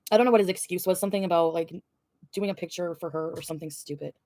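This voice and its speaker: A woman's voice: on the low side, quick pace, dark tone, dry recording, clean studio sound. Profane ranting woman vlogger. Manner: profane, venting, rambling. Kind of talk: ranting vlog.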